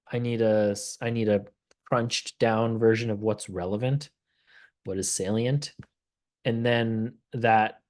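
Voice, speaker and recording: A man hosting a casual software demo livestream, relaxed and thinking aloud as he clicks through the tool. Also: lowish voice. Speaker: host of a product livestream.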